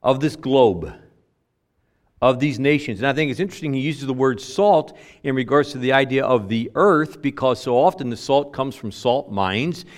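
A male pastor preaching a sermon in a conversational way, slowing down and leaning hard on key words. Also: mid-range voice.

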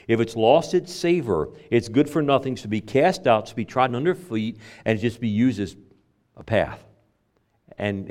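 A man's voice: on the low side, darkish tone. A male pastor preaching a sermon, quoting scripture and building to emphatic, stressed phrases with frequent repetition. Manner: repeats words, quotes King James scripture, builds to emphatic stresses.

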